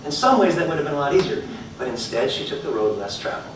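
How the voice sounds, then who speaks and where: A man giving a live inspirational talk, telling stories with loud bursts and quiet lines and repeating phrases for emphasis. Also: a little high, fast talker. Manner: animated storytelling, swings between loud bursts and quiet lines. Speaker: motivational speaker. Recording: echoey hall from far off, faint noise.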